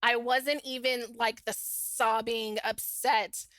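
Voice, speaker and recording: A woman's voice: a little high, takes it slowly, no room sound. A middle-aged woman, a podcast guest, casually telling her own story and acting out the dialogue in it. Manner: animated, acts out quoted dialogue.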